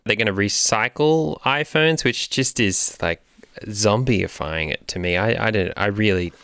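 A man's voice: fairly low pitch, measured pace, a bit bright, smooth, no room sound, studio quality. A man co-hosting a comedy podcast, talking in a rambling, mock-serious way. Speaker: podcast co-host. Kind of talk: comedic commentary.

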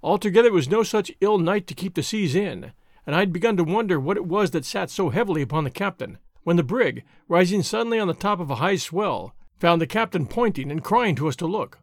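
A man hosting and narrating an audiobook with a steady, expressive reading. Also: sits high, fairly quick, no echo, studio quality.

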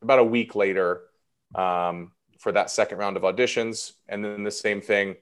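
A man's voice: fairly low pitch, steady tone, normal speed, clear, resonant tone. A man in his thirties, an actor guest talking casually and a bit self-deprecatingly in an interview. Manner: chatty and self-deprecating, many fillers.

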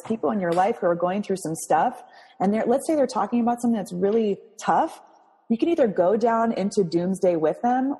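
A woman's voice: medium pitch, slightly rough, big-room sound. A woman podcast host who works with patients, speaking encouragingly to her listeners. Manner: warm coaching tone, addresses listeners. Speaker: podcast host, health practitioner.

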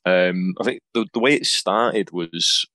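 A man chats loosely as a podcast guest, full of ums and self-deprecating asides. His voice sits very low, and the sound is dry and close. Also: unhurried, pushed and bright, no echo. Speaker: wrestler guest. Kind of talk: casual podcast interview.

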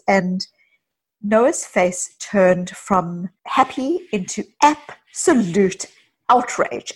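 A middle-aged woman with a slightly husky, breathy voice, speaking as a guest psychologist on a podcast. She talks in an animated, storytelling way, weaving in anecdotes and quoted lines. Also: mid-range voice. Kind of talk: conversational podcast interview.

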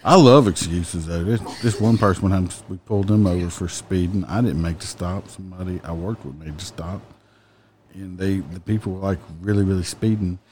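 A man's voice: low voice, fairly quick, slight background noise. A man who used to be a police officer tells his work stories in casual chat, blunt and profane. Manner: blunt, profane, mimics people loudly.

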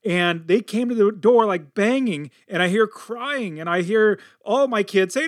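High-voiced energetic man hosting a podcast. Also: unhurried, hardly any pauses, no room sound, clean studio sound. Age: middle-aged. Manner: energetic and upbeat, tells stories animatedly. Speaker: podcast host. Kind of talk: casual podcast storytelling.

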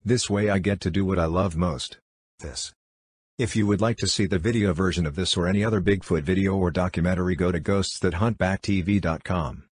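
A channel host speaking through a computer-generated male voice, flat and synthetic. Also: deep voice, a little fast, breathy edge, no room sound. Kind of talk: text-to-speech narration.

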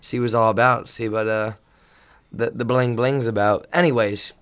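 A man's voice: mid-range voice, moderate pace, clear, resonant tone. A man who coaches volleyball, chatting casually on a podcast and rambling through stories with lots of restarts. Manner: rambling, animated storyteller with many restarts. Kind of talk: casual storytelling chat.

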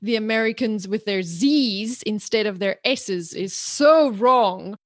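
A woman from South Africa with a mixed South African, British and Australian accent, chatting as a podcast guest in a lively, playful way. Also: mid-range voice, takes it slowly, dry recording, clean studio sound. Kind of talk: podcast interview.

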